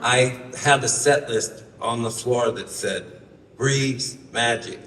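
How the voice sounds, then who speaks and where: A man's voice: medium pitch, slow pace, fairly bright tone, slight background noise. A man telling a loose, wry story on stage between songs, profane and full of asides. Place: live concert venue. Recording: roomy live hall, from far off, guitar behind.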